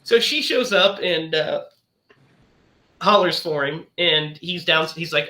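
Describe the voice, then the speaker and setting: Male podcast host, bright and forceful, fairly high, animated plot recapper in an echoey room. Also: slow pace. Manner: animated storyteller who acts out the characters' lines. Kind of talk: casual movie discussion, retelling the plot. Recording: roomy echo.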